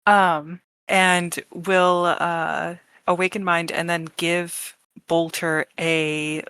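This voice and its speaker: A woman playing a tabletop game, speaking slowly and deliberately as she plans her moves. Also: lowish voice, level tone, a bit bright, smooth, no room sound. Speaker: player. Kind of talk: casual tabletop play.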